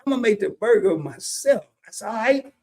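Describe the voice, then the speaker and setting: A man's voice: high voice, animated, brisk, darkish tone. A man, telling a casual story on his live stream and greeting chatters by name.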